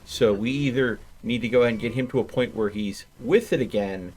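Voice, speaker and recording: A man playing in a tabletop role-playing game, thinking out loud and explaining his reasoning at length. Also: medium pitch, a little fast. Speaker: player. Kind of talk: casual tabletop game chat.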